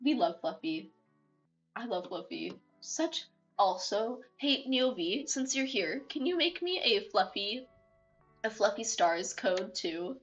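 A bubbly young woman chatting with viewers on her stream, voice at an ordinary middle pitch and full of feeling. She rambles cheerfully and giggles often, with faint music playing behind her. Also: very animated, takes it slowly, a bit bright, lo-fi sound. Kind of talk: casual live-stream chat. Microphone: desktop mic, no webcam.

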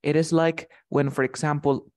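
A man's voice: fairly high pitch, level tone, normal speed, darkish tone. A man teaching English vocabulary to a student. He explains patiently, repeats his points and checks that he is understood. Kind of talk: bilingual vocabulary lesson with a student.

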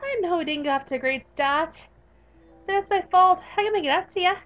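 A clingy young troll girl who snaps at strangers, her voice high and keyed up. A woman puts her on with a put-on sitcom-mom twang and a muddled accent, and light music plays underneath. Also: a little fast, a bit bright, muffled recording. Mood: intense clingy. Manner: snappy, defensive, intense. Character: possessive clingy young female troll nerd.

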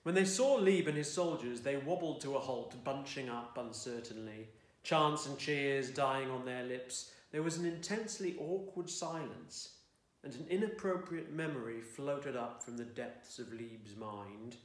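A man's voice: medium pitch, measured pace, reverberant. A man reading his own fiction aloud in a dry, wry storytelling manner. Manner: dry, wry storytelling, belting out the shouted lines of dialogue. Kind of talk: expressive audiobook-style reading. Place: home room.

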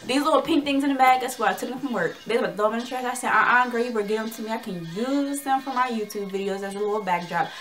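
A woman's voice: a little high, fast, hardly any pauses. A young woman vlogging, telling a story casually to the camera in a chatty, slangy way and acting out the dialogue with energy.

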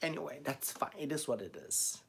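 A man's voice: medium pitch, sing-song, brisk, gravelly, husky. Chatty man with a Chinese accent. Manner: chatty, laughs often, reads out viewer comments. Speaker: beauty vlogger answering live chat. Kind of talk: casual live stream chat.

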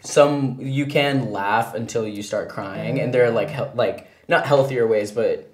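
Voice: medium pitch, a little slow, reverberant. A guest in casual chat, reacting to a show and telling stories with lots of laughter. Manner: laughs often, animated storytelling.

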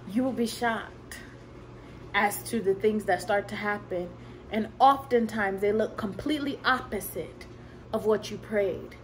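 A woman giving a fervent motivational faith talk as a Christian coach. She slows down to stress key words and drops in casual asides and little laughs. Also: a little high, slight background noise, poor audio.

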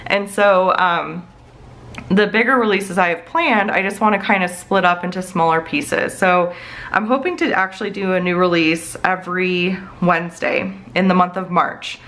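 A woman in her thirties talks in a loose, chatty way from her home office, her sentences wandering and padded with fillers. Her voice sits on the lower side. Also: normal speed, a bit bright, poor audio. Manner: rambling, many fillers like "like" and "you know". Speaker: planner vlogger. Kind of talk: casual chatty plan-with-me talk.

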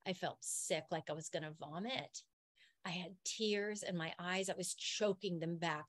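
A woman's voice: lowish voice, no room sound. A middle-aged woman hosting a podcast, earnestly and emotionally recounting a personal experience. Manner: emotional, earnest, animated storytelling. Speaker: podcast host.

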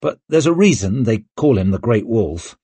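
A man's voice: lowish voice, big pitch swings, moderate pace, dark tone, breathy edge, no echo, full character voice. A man voicing a brash young male lord and war hero, blunt and boastful.

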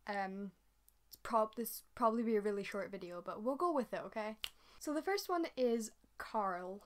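A young Scottish woman chatting in a casual vlog and slowly repeating tongue-twister phrases. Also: medium pitch, animated. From Scotland. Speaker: YouTuber.

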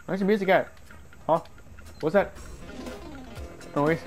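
Man, high voice, stuffy nose, yelping gameplay commentary, faint game music. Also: slow. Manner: excitable, yelps and shouts at mishaps. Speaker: gaming YouTuber.

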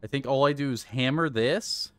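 Excitable, swearing male game streamer. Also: mid-range voice, normal speed, no room sound. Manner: excitable, swears and rages, coaches himself aloud. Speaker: live streamer. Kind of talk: live gameplay commentary.

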